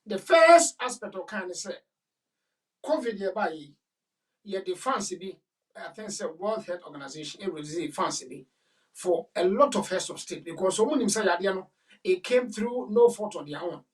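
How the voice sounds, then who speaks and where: A woman's voice: medium pitch, lively intonation, moderate pace. Emphatic Ghanaian woman host, distant mic. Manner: emphatic, repetitive, switches into Twi. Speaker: show host. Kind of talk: talk show commentary.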